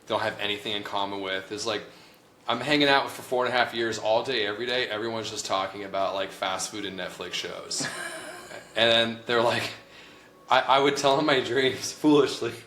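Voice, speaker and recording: Young male host, easygoing and chuckling, forceful bright voice in a roomy space. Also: on the low side, moderate pace, slight background noise. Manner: laid-back, laughs often, says "dude". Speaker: host, copywriting coach. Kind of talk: casual podcast chat. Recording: roomy echo.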